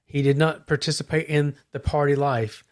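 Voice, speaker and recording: A man co-hosting a Christian podcast, speaking earnestly and reflectively, slowing down on key points. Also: fairly high pitch, steady tone, darkish tone. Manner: earnest, reflective, slow emphasis. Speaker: podcast co-host, Christian minister. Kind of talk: casual chat.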